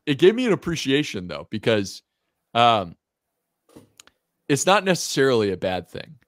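Thirties guy spinning an animated anecdote, mid-pitched, close dry mic. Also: normal speed, dry recording. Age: 30s. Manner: animated, lively storyteller who acts out other people's lines and laughs often. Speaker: whiskey brand founder, podcast guest. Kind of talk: casual storytelling on a podcast.

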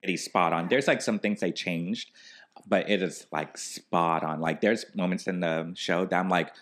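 A man's voice: sits low, steady tone, moderate pace. A man talking casually as a podcast guest, chatty and full of "like" and "um". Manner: chatty, filler-heavy with "like" and "um". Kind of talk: casual chat.

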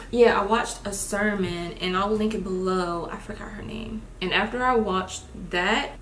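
A young woman chatting casually to viewers while doing her makeup, expressive and lively, calling them y'all. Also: mid-range voice, slight background noise. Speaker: beauty vlogger. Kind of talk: casual get-ready-with-me chat. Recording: roomy home recording.

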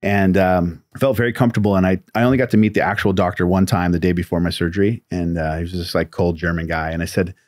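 An American tattoo artist tells a long story in a laid-back, rambling interview style, peppered with "like," "you know," and other fillers. His voice sits low and steady, a little mellow, coming fast with hardly any pauses. There's no echo.

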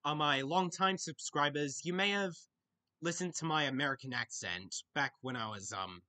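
A man's voice: fairly high pitch, normal speed, bright, forceful tone, no echo. A young Australian man answering viewer questions in a casual Q&A video, often noncommittal and hesitant. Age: young adult. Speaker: YouTuber.

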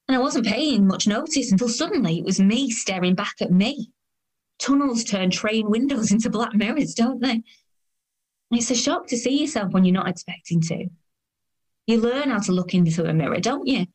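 A woman's voice: medium pitch, lively intonation, normal speed, darkish tone, natural voice. An actress as a dry, weary woman of thirty-two. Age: 30s. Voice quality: dry, sardonic inner voice. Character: weary, self-conscious woman of 32, quietly sardonic. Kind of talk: first-person audio drama narration.

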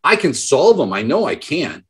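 A fairly high-pitched, husky voice with big pitch swings at a normal speed belongs to a business mentor in his thirties. Speaking to a group call in a motivational talk, he tells stories and mimics the people he quotes.

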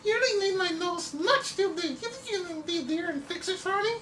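A man voicing a fussy, swooning lady drawn on a chalkboard in a shrill, coy falsetto, recorded in an echoey room from a distance. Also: expressive, a little fast, bright, forceful tone, slight background noise, heavily acted.

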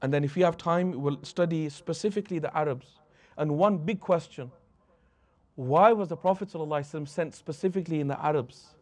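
A man's voice: on the high side, fast talker. A man teaching a religious lesson who tells stories, acts out the anecdotes and mixes Arabic phrases into his English. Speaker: Islamic teacher.

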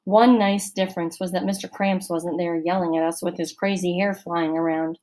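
A woman reading a children's novel aloud as a first-person narrator, steady and expressive. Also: lowish voice, moderate pace, rough recording. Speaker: audiobook narrator.

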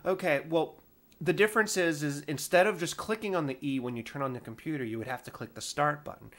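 A man casually telling a tech support story from his past, animated and exasperated, poking fun at himself. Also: a little high, a little fast. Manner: animated, exasperated, self-mocking. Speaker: storyteller, former IT support worker.

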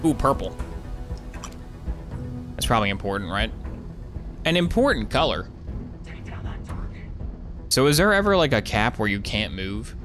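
A man talks through his gameplay in a somewhat low voice, cracking sarcastic jokes and breaking into excited yelps. Game music plays clearly behind him. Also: unhurried, long pauses. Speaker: gameplay streamer. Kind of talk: casual let's play commentary.

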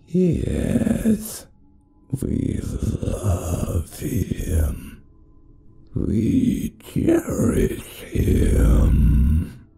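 A man doing a hideous, slow-crooning spider monster. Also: low-pitched, gravelly, slightly rough, exaggerated voice. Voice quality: slow, sharp, full of treble. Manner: drawn-out, crooning delivery. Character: hideous giant furry spider creatures, doting and eerie. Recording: faint eerie music behind.

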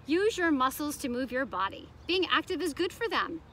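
A woman's voice: sits high, big pitch swings, normal speed, fairly bright tone, slight background noise. A woman preschool teacher reading a picture book aloud to young children, asking them questions in a sing-song way.

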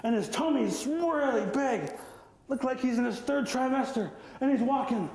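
A man telling a traditional legend aloud at a live talk, with playful, animated narration. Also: extremely high pitch, moderate pace, vocal fry. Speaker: traditional storyteller. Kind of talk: live oral storytelling. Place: lecture hall. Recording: echoey lecture room.

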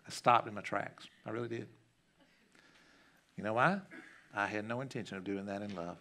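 Bright-voiced man preaching a sermon. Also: fairly low pitch, normal speed, slight background noise. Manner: storytelling, shifts from loud animated to quiet and soft. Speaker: pastor. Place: church sanctuary.

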